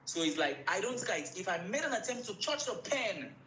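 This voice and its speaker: A man's voice: sits high, sing-song, a little fast, pushed and bright, reverberant, slight background noise, poor audio. A man with a Sierra Leonean accent, a musician talking casually in an interview, repeating phrases and mixing in Krio words. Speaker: musician guest.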